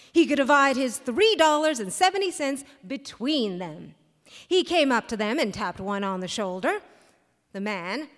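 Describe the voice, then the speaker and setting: A woman reads a short story aloud on a hall stage, her voice moving in lively swings of pitch. She takes her time, and the long reverb of the hall follows her words. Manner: expressive storytelling. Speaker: reader. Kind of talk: live fiction reading.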